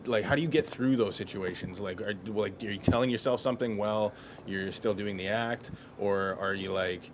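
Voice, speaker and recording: A man with a lowish voice co-hosts the show. He feels his way through a question with a lot of restarts. Faint noise stays in the background. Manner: halting, searching questions. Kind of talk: casual interview.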